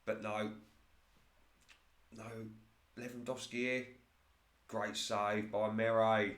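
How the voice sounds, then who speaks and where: A man commentating casually over his own football management game in play-by-play style, getting excited at near misses and laughing at his own slips. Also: fairly low pitch, takes it slowly, reverberant.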